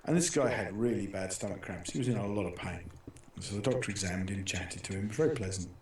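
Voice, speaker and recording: A middle-aged man from Britain rambles through long stories, full of restarts and fillers. His voice sits a little low. He sounds set back from the mic in a very echoey room, with faint noise behind him. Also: animated, quick pace, a little mellow, far from the mic. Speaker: talk show host. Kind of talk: casual chat.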